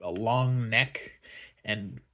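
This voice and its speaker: A man's voice: fairly low pitch, extremely slow, sharp tone. A man rambling sarcastically through a casual movie review vlog. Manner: sarcastic, rambling, laughs often. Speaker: vlogger reviewing a film.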